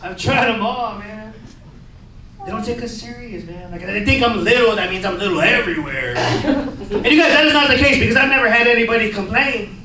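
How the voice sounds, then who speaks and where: A man's voice: sits high, a little fast, crowd noise. A man in his thirties doing a stand-up comedy set, talking casually and profanely with lots of "bro" and "man.". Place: comedy club stage. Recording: echoey club heard from a distance. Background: laughing audience.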